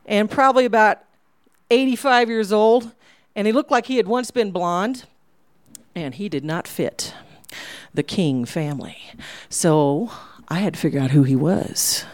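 Woman storyteller, live venue, animated delivery with whispered asides, dry sound. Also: medium pitch, clean tone, no room sound. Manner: animated, drops to whispers for effect.

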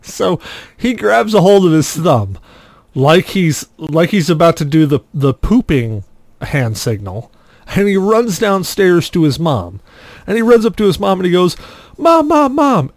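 A man telling a story on a casual podcast, his voice rising and falling widely as he acts out the people in it. The sound is dry and close, with no room echo, and his voice sits a little high for a man. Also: moderate pace. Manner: animated storyteller, acts out quotes loudly. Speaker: podcast host.

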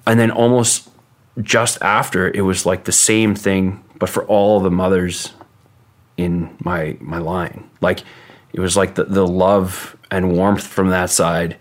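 A man telling a long personal story in a casual, halting way, full of "like" fillers and swearing. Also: sits low, little pitch movement. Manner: rambling, halting, heavy with "like" and swearing.

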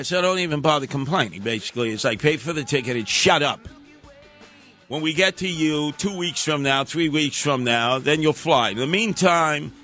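A man's voice: medium pitch, pushed and bright. A man hosting a talk radio show, ranting sarcastically with mocking sing-song asides.

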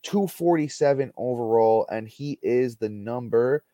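A man hosting a casual sports podcast, upbeat and reading stats in a steady list. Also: mid-range voice, unhurried, no echo. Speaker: podcast host.

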